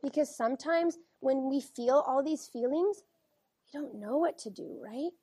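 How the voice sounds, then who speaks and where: A woman teacher reading a picture book aloud to children, gently asking them questions as she goes. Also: sits high, a little slow, no echo, studio quality. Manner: gentle, questioning, keeps checking in with the kids.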